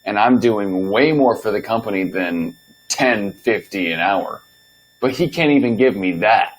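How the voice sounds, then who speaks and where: A man's voice: fairly low pitch, a little slow, low-quality recording. Casual, profane young man telling stories. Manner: animated, profane, acts out his own past lines. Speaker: podcast host. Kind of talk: casual storytelling monologue.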